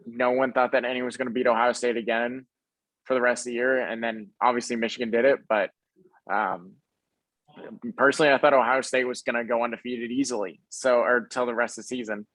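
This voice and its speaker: A young man talks sports on a podcast in a relaxed, rambling way, full of fillers and restarts. His voice sits at an ordinary pitch, and the recording is dry and close, with no room sound. He comes across as loose and conversational. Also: a little fast, no room sound, poor audio. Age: young adult. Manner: rambling, laid-back, lots of fillers. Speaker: podcast co-host. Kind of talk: casual sports chat.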